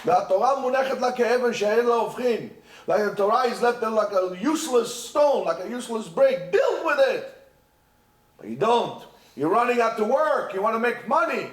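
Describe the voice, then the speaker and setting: A man's voice: very high voice, expressive, normal speed. A man teaching a Torah lesson at a yeshiva, impassioned, repeating himself and restarting phrases. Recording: echoey room.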